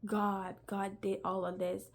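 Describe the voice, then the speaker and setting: A woman's voice: mid-range voice, level tone, measured pace, gravelly. A young woman sharing her personal faith testimony in a casual video, earnest and talkative, with lots of fillers and a voice close to tears. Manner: earnest, talkative, uses many fillers, grows emotional. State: near tears.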